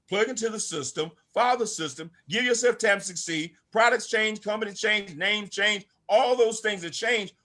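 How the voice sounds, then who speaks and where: Older male speaker, high voice, preachy and emphatic, calling out to a video-call audience. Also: pushed and bright. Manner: preachy, emphatic, calls out to listeners. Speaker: network marketing speaker. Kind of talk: motivational talk to an online audience.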